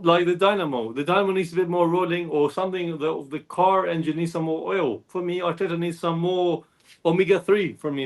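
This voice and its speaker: Earnest rambling football fan man. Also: a little high. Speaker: fan channel panelist. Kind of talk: passionate football fan chat.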